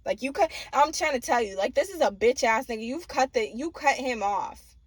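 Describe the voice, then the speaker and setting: A woman's voice: sits high, animated, normal speed, husky, dry recording. A young woman giving a casual tarot reading, blunt and profane, often laughing and mimicking people. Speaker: tarot reader.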